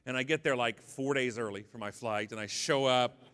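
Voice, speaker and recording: A Canadian man giving a comedic keynote talk, telling a story with animated, mock-angry outbursts in a large conference hall. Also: mid-range voice, moderate pace, clean tone. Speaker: keynote speaker.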